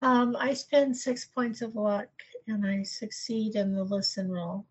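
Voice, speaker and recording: A woman's voice: medium pitch, steady tone, a little slow, husky, lo-fi sound. A woman playing a tabletop game, speaking briefly and matter-of-factly. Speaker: player. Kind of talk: casual tabletop game talk. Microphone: online voice call.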